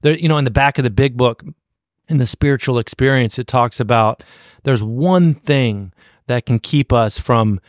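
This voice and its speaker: A man's voice: mid-range voice, normal speed, no echo, clean studio sound. Earnest man sharing reflectively. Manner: earnest, repeats words as he thinks. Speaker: guest in recovery.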